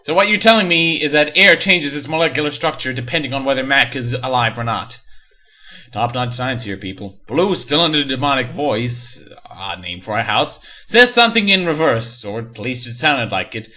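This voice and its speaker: A man's voice: mid-range voice, lively intonation, moderate pace, bright, forceful tone. A man reading a horror story aloud for comedy, breaking in with sarcastic, mocking asides. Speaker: story reader and reviewer.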